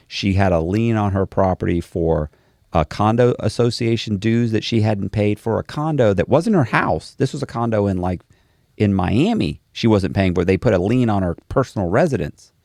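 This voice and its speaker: A man's voice: lowish voice, normal speed, no room sound, studio quality. A man being interviewed, telling a long story in a casual way and acting out the voices of the people in it. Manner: animated storyteller, acts out quoted dialogue. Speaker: interview guest.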